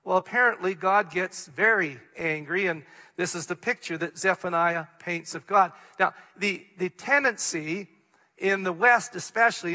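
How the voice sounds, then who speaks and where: A man's voice: sits high, pushed and bright. A middle-aged man, preaching a sermon, reading scripture and explaining it in an earnest, plain way. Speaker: pastor. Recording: long reverb of a large hall.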